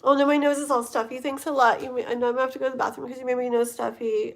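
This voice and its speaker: A woman's voice: high-pitched, level tone, very fast, few pauses. A woman giving a livestream tarot reading, rambling and often checking in with her listeners. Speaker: tarot reader.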